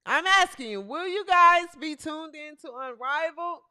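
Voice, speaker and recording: A woman's voice: sits high, normal speed. A woman hosting a casual livestream podcast, chatting with her live chat and reading out team rosters. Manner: chatty, animated, talks to the live chat and fumbles with her setup. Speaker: podcast host. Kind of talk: casual livestream chat about women's basketball.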